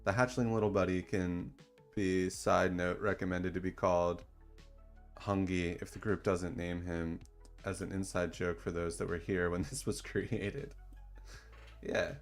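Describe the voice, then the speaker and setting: A man hosting a casual livestream in a laid-back, slangy way that turns excited at times. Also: sits low, measured pace, faint music behind. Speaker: streamer and dungeon designer.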